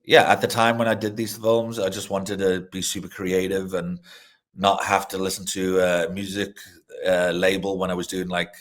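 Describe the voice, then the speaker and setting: Low and completely flat in delivery, at normal speed, the voice comes from a middle-aged man who is a film director and actor. As an interview guest he chats casually, swearing freely, restarting sentences and laughing mid-story.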